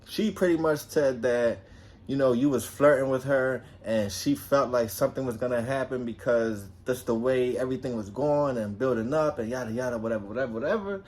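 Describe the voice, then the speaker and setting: A young man from New Jersey tells a personal story casually and animatedly at a brisk pace in a medium-pitched voice. He swears freely and acts out quotes loudly.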